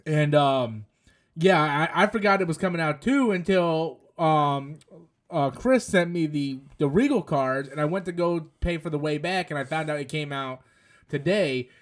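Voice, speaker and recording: Host, man in his 30s, slightly high voice, chatty and rambling. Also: normal speed. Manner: chatty, rambling, reads viewer messages. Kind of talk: casual live-stream review chat.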